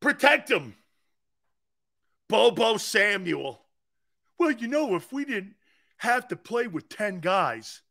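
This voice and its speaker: Loud mocking sports-talk man, very high voice. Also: big pitch swings, slow, vocal fry, long pauses. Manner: loud, mocking, laughing at his own jokes; shouts in bursts between quieter asides.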